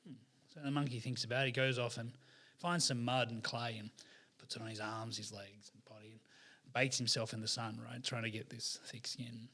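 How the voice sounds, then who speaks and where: A man in a relaxed podcast chat, retelling a kids' story with chatty energy. He talks in animated bursts full of fillers and restarts, with a voice of middling pitch. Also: normal speed. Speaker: podcast guest, author. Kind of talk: casual storytelling in conversation.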